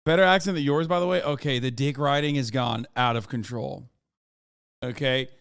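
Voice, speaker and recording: An American streamer reacts to an interview video, talking over the clip with sarcastic, profane commentary. His mid-range voice is fairly bright, clear, and resonant at a moderate pace, captured in clean studio sound with no room noise.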